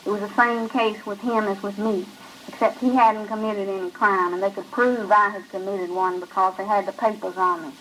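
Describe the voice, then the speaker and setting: A brooding male outlaw speaks in a flat, grim rural drawl, as a woman narrator reads him. He stays matter-of-fact, even about killing. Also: medium pitch, normal speed, a little hiss or hum, close to an everyday voice, poor audio. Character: cold, brooding male outlaw who kills calmly.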